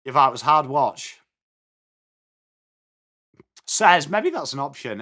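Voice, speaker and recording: A man's voice: on the high side, very animated, slow pace, pauses often, bright, forceful tone. An English man hosting a live football watch-along, calling the play and chatting to viewers. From England. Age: adult with children. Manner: chatty, switches between calling play and answering viewer comments. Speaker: live stream host.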